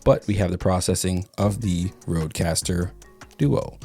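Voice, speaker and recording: Casting note: deep-voiced man, relaxed tech reviewer, faint music underneath. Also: moderate pace, vocal fry, slightly rough. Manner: relaxed, explanatory, repeats words while thinking. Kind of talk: casual product review. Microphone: studio microphones being compared.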